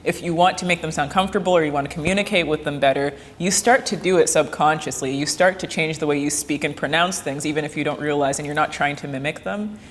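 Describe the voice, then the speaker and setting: A Canadian-raised woman talking in a lively, laughing way in an interview, explaining her ideas. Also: low-pitched, quick pace, hardly any pauses, long reverb tail, slight background noise. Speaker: actor.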